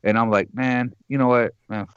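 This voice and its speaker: A man's voice: medium pitch, steady tone, normal speed, clear, resonant tone, no echo, lo-fi sound. A man from Michigan, calling in as a guest and telling a long profane story, acting out the people in it. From Michigan, USA. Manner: profane, rambling, acts out the other people in the story. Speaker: caller guest. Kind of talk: casual storytelling.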